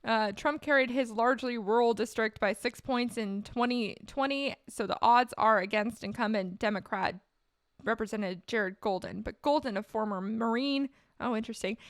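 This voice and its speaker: Wry, higher-voiced woman streamer. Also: dry recording, studio quality. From California. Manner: casual, wry, quick to laugh. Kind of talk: live stream commentary, reading aloud.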